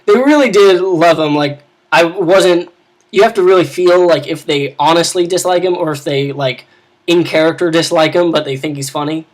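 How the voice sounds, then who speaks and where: Rambling game master, higher voice. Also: male voice, moderate pace. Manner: rambling, with many restarts and asides. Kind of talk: casual talk on running tabletop games.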